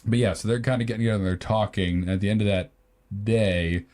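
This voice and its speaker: A man's voice: on the low side, steady tone, quick pace, a little mellow. A man co-hosting a podcast, improvising a story with many fillers and restarts. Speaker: podcast co-host.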